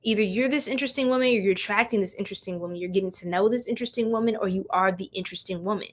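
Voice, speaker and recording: A woman's voice: medium pitch, racing. Young woman, tarot reader, live stream, chatty, slangy, laughs a lot, mid-range voice. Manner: chatty, laughs often, slangy, talks straight to viewers.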